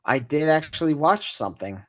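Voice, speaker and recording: A man's voice: fairly high pitch, lively intonation, a little fast. A man co-hosting a casual podcast, giving blunt, wry opinions on TV and movies. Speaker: podcast co-host. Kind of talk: casual chat.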